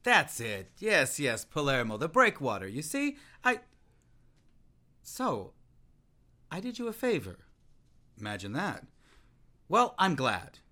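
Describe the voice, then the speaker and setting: An actor playing a restless, talkative man-about-town who gets excited and trips over his own words. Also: on the high side, slow, long pauses, heavily acted. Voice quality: voluble and excitable, with frequent restarts. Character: restless, voluble man-about-town, nervous and self-mocking. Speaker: actor in a play. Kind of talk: theatrical stage-play acting.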